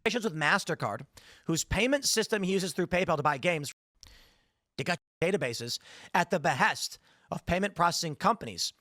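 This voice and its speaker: A man's voice: a little high, lively intonation, normal speed, pushed and bright, dry recording, studio quality. A man commenting bluntly and emphatically, heard in a played clip.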